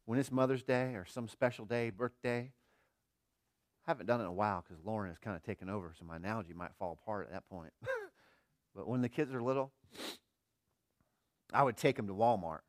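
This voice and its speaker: A middle-aged man preaching a sermon as pastor, earnest, firing rhetorical questions and swinging between quiet and emphatic delivery. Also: fairly low pitch, fairly quick, pauses often, dry recording, clean studio sound.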